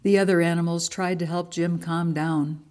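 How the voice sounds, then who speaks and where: A woman reading a children's picture book aloud in a church service, expressive storytelling. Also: lowish voice, normal speed.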